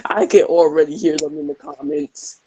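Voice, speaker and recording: A young woman improvises a fan story in a loose, rambling way. Her voice sits slightly low for a woman. She leans on fillers as she goes and keeps it casual throughout. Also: sing-song, normal speed, gravelly, mellow, slightly rough, rough recording.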